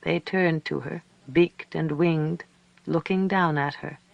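Gravelly-voiced male storyteller. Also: fairly high pitch, dry recording, muffled recording. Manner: calm, measured, reflective storytelling. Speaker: audiobook narrator. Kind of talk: scripted narration.

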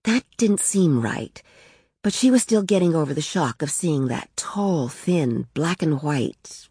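A woman reading a short story aloud in a calm, even storytelling manner. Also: low voice, breathy edge, no echo, clean studio sound. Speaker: narrator.

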